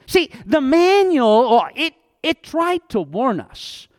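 A man's voice: very high voice, sing-song, slow, few pauses, no room sound, studio quality. A middle-aged man, a pastor, preaching an earnest, conversational sermon that rises into emphatic outbursts.

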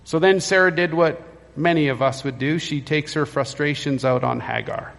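High-voiced pastor preaching in a reverberant church. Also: male voice, normal speed, creaky, a bit bright. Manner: storytelling, acting out the quoted lines. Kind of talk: sermon. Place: church sanctuary.

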